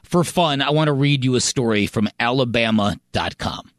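A man's voice: medium pitch, normal speed, no echo, studio quality. A man hosting a sports radio show, talking in a wry way and reading aloud with mock drama.

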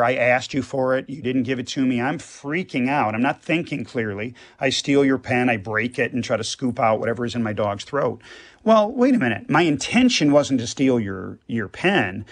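A man, a priest, talking earnestly on a radio show and explaining with everyday examples. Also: mid-range voice. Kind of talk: radio conversation.

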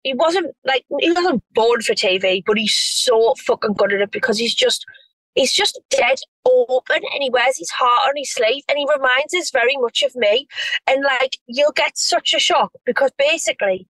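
A woman's voice: sits high, moderate pace, a bit bright, no echo, poor audio. A woman, talking in a gushing, effusive way full of restarts. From North East England. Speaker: reality TV star guest. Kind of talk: casual chat.

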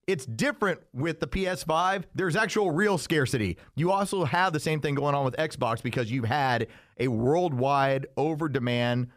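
A man's voice: a little high, normal speed, no echo. A man hosting a podcast, explaining things in a rambling, casual way. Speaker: podcast host. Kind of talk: casual chat.

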